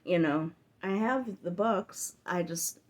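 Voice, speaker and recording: A woman's voice: fairly low pitch, slow. A woman giving a casual reading update on her book channel, chatty and rambling, full of tangents and filler words. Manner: chatty and exasperated when complaining. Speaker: book vlogger.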